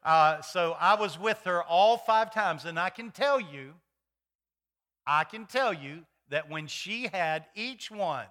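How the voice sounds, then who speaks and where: Speaking slowly in a high-pitched voice, this middle-aged pastor gives a sermon through folksy storytelling. He's animated, voicing the characters himself, and his delivery is full of fillers and restarts.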